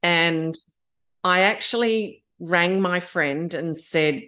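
Australian woman in her 50s chatting on a podcast, lowish voice, acts out her inner voices. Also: slow pace, sharp tone. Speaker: podcast guest. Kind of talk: candid conversational storytelling.

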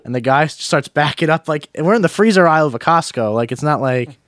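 A man telling stories in casual chat, animated and swearing casually. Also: a little high, fast, no room sound, studio quality.

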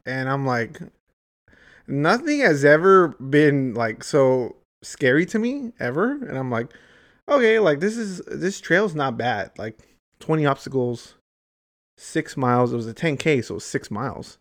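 A young adult man tells a long story in casual chat, with a medium-pitched, unhurried voice and big pitch swings. He rambles, swears freely, and says "like" and "dude" a lot.

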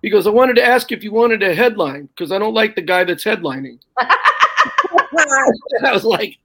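A middle-aged man, a stand-up comedian, telling animated, salty road stories in casual conversation. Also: high-pitched, measured pace, pauses often. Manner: animated anecdote with profanity and quoted voices. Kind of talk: casual storytelling on a podcast.

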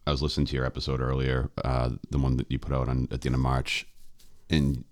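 A man's voice: very deep voice, completely flat delivery, fast, dry recording. A man with a Boston accent hosting a podcast, telling rambling, profane anecdotes. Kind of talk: casual chat.

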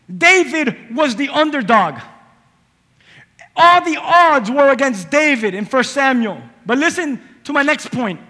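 A man preaching a sermon in an energetic, playful way, calling on the audience to answer back. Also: very high-pitched. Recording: long hall reverb.

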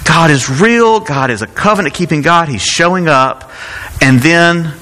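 A man's voice: on the high side, unhurried, sharp tone, in a large hall. A man preaching a sermon as pastor, talking in a conversational way and asking rhetorical questions.

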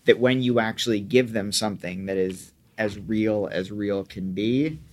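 A man's voice: fairly low pitch, unhurried. A man hosting a podcast, reflecting frankly on a past show in a conversational way. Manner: reflective, frank, occasional swearing. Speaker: podcast host. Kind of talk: conversational commentary.

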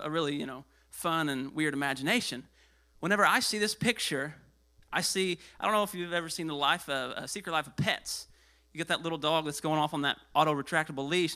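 A male pastor with a fairly high-pitched voice delivers an animated sermon. He swings between loud passages and hushed asides and runs short of breath.

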